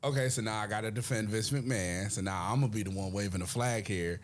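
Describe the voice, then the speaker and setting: A man chatting casually about wrestling as a podcast co-host, animated and acting out quotes in put-on voices. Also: lowish voice, quick pace.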